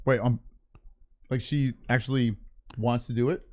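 A man's voice: medium pitch, fairly even intonation, moderate pace, a little mellow. A man co-hosting a stream, chatting casually, rambling and unsure of himself, swearing freely. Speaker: stream co-host. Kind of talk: casual chat.

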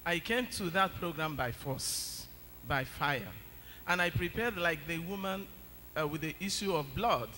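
A man gives his testimony to the congregation. His voice is high and bright, and he speaks emphatically but stumbles over fillers. The church's long reverb surrounds him. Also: unhurried, slight background noise. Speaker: church member giving testimony.

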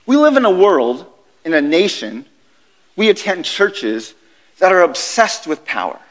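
High-voiced man preaching in an echoey chapel. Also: a little slow. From United States. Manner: animated storytelling, conversational. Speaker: guest chapel speaker. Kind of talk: sermon. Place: university chapel.

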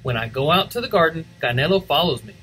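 A man giving an expressive read-aloud of a children's picture book for a school's morning announcements. His voice is bright and sits a bit high for a man, swooping lively up and down. He moves easily between English and Spanish. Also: quick pace, soft background music, rough recording.

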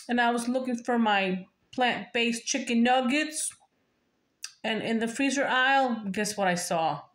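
A woman with a high voice tells a casual story to her viewers, keeping her words slow and unhurried. She breaks into giggles often. The room around her is echoey. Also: a bit bright. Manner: giggly, keeps breaking into laughter. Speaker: storyteller vlogger.

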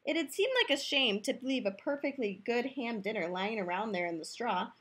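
A woman's voice: fairly high pitch, normal speed, fairly bright tone, husky. A woman playfully reading a picture book aloud, telling the story in first person as the wolf, in a youth room.

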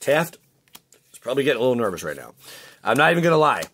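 Opening card packs as host of his channel, a man delivers rapid-fire casual commentary in a husky, slightly bright medium-pitched voice with big pitch swings. He rambles and keeps restarting, and his voice cracks.

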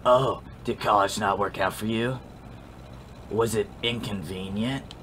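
A man's voice: on the low side, fairly even intonation, measured pace, noisy background, natural voice. A man voicing a resentful young female crocodile in a video game, speaking with cutting scorn. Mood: scornful.

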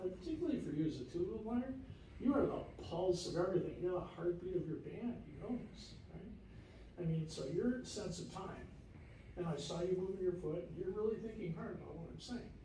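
A man's voice: high voice, warm tone, a little hiss or hum. A man giving feedback to a student ensemble and scatting rhythms aloud to show them. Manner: scats rhythms aloud to demonstrate. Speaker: music clinician. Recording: echoey hall heard from a distance.

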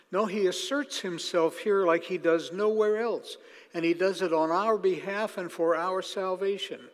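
Male preacher, fairly high voice, deliberate and emphatic, long reverb of a big hall. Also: steady tone. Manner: emphatic, slows down to stress key phrases. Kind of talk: sermon.

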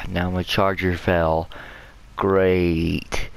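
A man's voice: low-pitched, level tone, drawn-out words, gravelly, a little hiss or hum. A man giving let's play commentary, ranting angrily and cursing constantly as he plays. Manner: angry, profane, ranting. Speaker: gamer.

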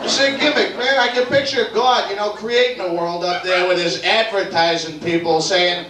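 A man's voice: sits high, normal speed, hardly any pauses, noisy background. A young man from Boston with a Boston accent, doing a brash, profane stand-up set in a bar. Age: 20s. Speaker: stand-up comedian. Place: bar comedy club. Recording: roomy club tape from far off, loud crowd. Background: crowd laughter.

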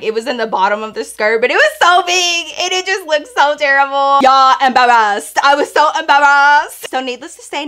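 A young adult woman telling an embarrassing story in a casual, animated way, full of slang and swearing and talking straight to her listeners. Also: a little high.

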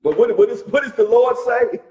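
A man's voice: very high-pitched, brisk, darkish tone, roomy sound, muffled recording. A man leading a Bible study, speaking emphatically and firing off rhetorical questions. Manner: calls the reader brother. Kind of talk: animated religious teaching.

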